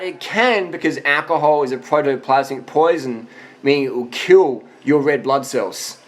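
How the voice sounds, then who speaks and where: A man of forty giving blunt, profane answers to viewer questions in a casual monologue, worn out after a long ride. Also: medium pitch. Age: 40s.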